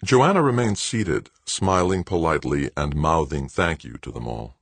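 A man reading a novel aloud as narrator, in a measured, even storytelling manner. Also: extremely low pitch, vocal fry, slightly rough, no echo. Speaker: audiobook narrator. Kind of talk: scripted narration.

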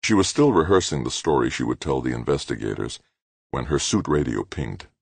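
A man narrating an audiobook in a steady, measured reading. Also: extremely low pitch, gravelly, breathy edge, no room sound. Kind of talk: scripted narration.

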